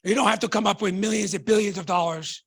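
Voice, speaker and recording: Middle-aged man from Tonga pitching to an audience; gravelly, excitable, keeps asking if they understand. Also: quick pace. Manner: excitable, bursts into shouting, repetitive rhetorical questions. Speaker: business opportunity presenter. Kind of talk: motivational sales talk.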